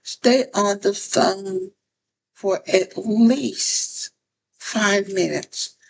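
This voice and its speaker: Slow-talking woman repeating phrases. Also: mid-range voice, gravelly, breathy edge, rough recording. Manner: repeats phrases, restarts often. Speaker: phone chat operator. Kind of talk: casual talk-to-camera advice.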